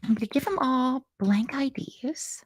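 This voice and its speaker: A woman's voice: high-pitched, measured pace, slight background noise. A woman teaching a live-streamed coding lesson, chatty and playful, thinking aloud and answering chat comments. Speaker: coding bootcamp instructor.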